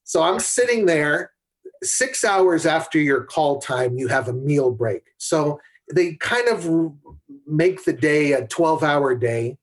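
A man's voice: a little high, expressive, slow pace. A middle-aged man, a guest on a podcast, telling candid stories from his camera career, often restarting his sentences. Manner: candid anecdotal storyteller with frequent restarts. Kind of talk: conversational storytelling.

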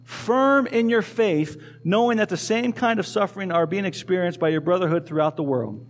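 Pastor guy preaching, pretty high voice, chatty, keeps asking the crowd stuff and repeating himself. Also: moderate pace. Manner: conversational, asks the congregation questions, repeats key phrases. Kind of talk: sermon. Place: church.

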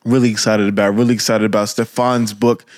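A man's voice: lowish voice, level tone, brisk, darkish tone, no room sound, studio quality. A man co-hosting a podcast, talking earnestly and encouragingly about forgiveness and healing. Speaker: podcast co-host. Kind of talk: casual podcast talk.

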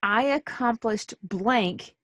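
A woman hosting an interview, reacting with enthusiasm and asking quick questions. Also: on the high side, a bit bright, no echo. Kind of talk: upbeat interview.

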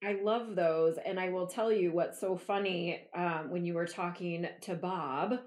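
A woman hosting a podcast, chatting casually and responding warmly to her guest. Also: on the low side, steady tone, unhurried. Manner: enthusiastic, affirming. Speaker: podcast host.

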